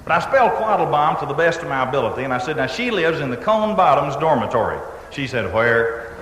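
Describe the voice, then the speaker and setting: A man with a Texan accent telling a folksy comic story to a live audience, with drawling, deadpan asides. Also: fairly high pitch, fast talker, slight background noise. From Texas. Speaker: humorist storyteller. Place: stage in a large hall with an audience. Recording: echoey hall recording with faint ambience.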